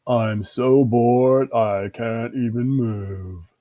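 A man voicing a grumpy, bored male pet dog in a storybook, talking in a slow, sulky grumble. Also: mid-range voice, wildly swooping pitch, vocal fry, breathy edge, narrow, tinny audio, full character voice. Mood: grumbling.

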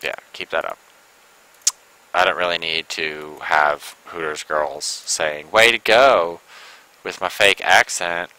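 A man's voice: a bass voice, steady tone, slow, pushed and bright, smooth, low-quality recording. A man giving casual let's-play commentary, rambling and sarcastic, full of "like" and asides. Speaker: gameplay commentator.

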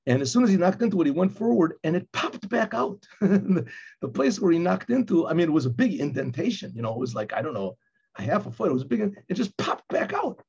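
A man who is a rabbi, teaching a Torah class and telling a personal story, acting out shouted quotes along the way. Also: high-pitched, very animated, fairly quick, gravelly, breathy edge. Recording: dull lo-fi recording.

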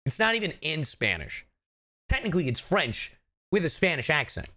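A man chats casually with his stream audience from a home setup, reacting and joking as he goes. His pitch swings lively up and down, and his tone is bright and forceful. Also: moderate pace. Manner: animated, chatty, talks to chat and laughs often. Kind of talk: casual livestream chat.

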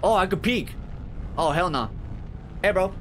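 A young man streaming a horror game, reacting with crude, excitable commentary and reading on-screen text aloud. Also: sits high, a little slow, a little hiss or hum. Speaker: gaming streamer.

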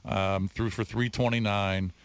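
Low-voiced easygoing sports radio co-host. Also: male voice, steady tone, a little slow, smooth, no echo.

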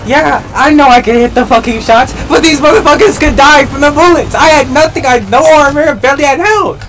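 A man's voice: very high voice, a little fast, fairly bright tone. A young man giving live gameplay commentary, full of profane, exasperated trash talk. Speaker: gaming video creator.

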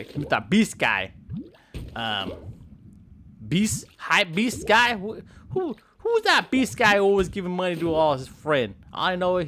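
A man's voice: medium pitch, slight background noise, natural voice. A man voicing a dim-witted, rambling redneck crayfish farmer, stumbling and boasting as he plays a game. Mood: boastful. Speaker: gaming YouTuber. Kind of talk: improvised comic character commentary over gameplay.

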